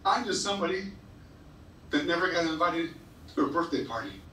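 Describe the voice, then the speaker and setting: A man's voice: on the high side, animated, fairly quick, pushed and bright, slight background noise. A man giving an earnest, heartfelt motivational speech to a school assembly, sometimes stumbling and repeating himself when moved. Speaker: motivational speaker. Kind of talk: emotional storytelling speech to students. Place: large school hall or gym. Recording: echoey school hall from far off.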